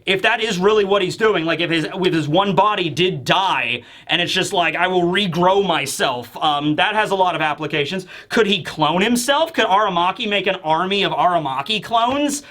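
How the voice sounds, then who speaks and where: A man reviewing a manga chapter in casual chat, animated and acting out the characters. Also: sits high, normal speed, hardly any pauses.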